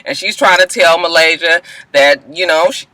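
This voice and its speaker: A woman hosting a casual reality-show recap vlog, a profane, animated storyteller who laughs a lot and acts out quotes. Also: fairly low pitch, moderate pace, no room sound, rough recording. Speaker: video host.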